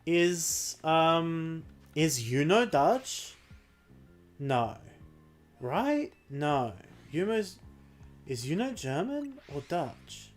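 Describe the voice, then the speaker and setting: A man's voice: fairly high pitch, sing-song, drawn-out words, soft background music. A young man chatting casually on a livestream while playing a game, rambling and self-deprecating, with frequent laughs. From Australia. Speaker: streamer.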